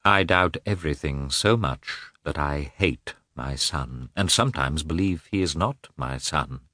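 A man's voice: a bass voice, expressive, unhurried, sharp tone, no room sound, studio quality, heavily acted. A man reading a cold, formal, wounded middle-aged husband who talks in a clipped way, for an audiobook. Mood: bitter. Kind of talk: audiobook character voice.

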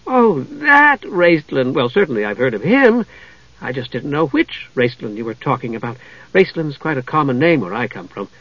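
A man voicing a young woman who bluffs quickly and a little flustered, on a dull lo-fi recording. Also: medium pitch, big pitch swings, no echo. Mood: bluffing. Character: young woman covering her ignorance.

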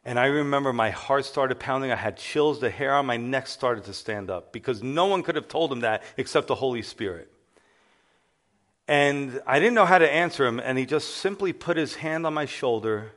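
A middle-aged male pastor gives a sermon as an animated testimony. He tells his story with energy and acts out the voices of the people in it, speaking at an ordinary mid pitch for a man.

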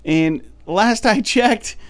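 A man co-hosting a podcast, telling a story in a casual, animated way and sounding fed up. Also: high voice, extremely slow, dry recording. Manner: animated, exasperated storytelling with many fillers. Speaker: podcast co-host.

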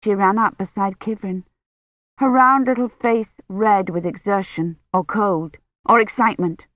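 A woman reading a novel aloud as scripted narration, in a measured storytelling manner. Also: medium pitch, no echo. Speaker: audiobook reader. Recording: tinny phone-like dry sound.

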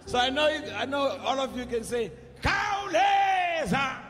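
A man's voice: very high-pitched, a little fast. An older South African man with a South African accent, telling wry, humorous stories on stage at a live concert and rousing the audience to join in. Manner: wry, humorous storyteller who rouses the audience. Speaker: musician performing on stage. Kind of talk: live concert storytelling and crowd call-and-response. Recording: reverberant live hall with music behind.

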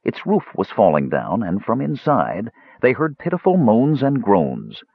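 Deep, husky fantasy audiobook narrator. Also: male voice, huge pitch swings, unhurried, no echo, muffled recording.

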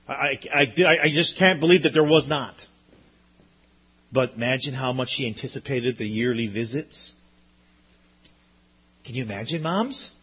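A man's voice: medium pitch, fairly bright tone, slightly rough. A man preaching a sermon in an earnest, emphatic way, often repeating his points. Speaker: pastor.

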